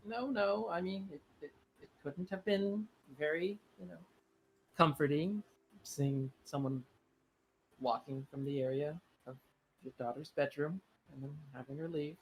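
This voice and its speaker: A man playing a tabletop game, hesitant and soft-spoken. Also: on the high side, steady tone, a little slow, slight background noise, rough recording. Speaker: player. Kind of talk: tabletop role-play.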